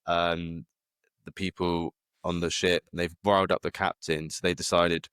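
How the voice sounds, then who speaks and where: A man's voice: low-pitched, level tone, moderate pace, fairly bright tone, smooth, no echo, clean studio sound. A man rambling through a theory in casual chat, full of fillers and restarts. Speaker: podcast co-host.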